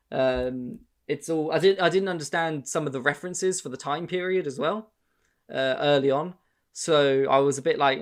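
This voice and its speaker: A podcast co-host chats casually, rambling with many restarts and swearing freely. His voice is a little high and brisk.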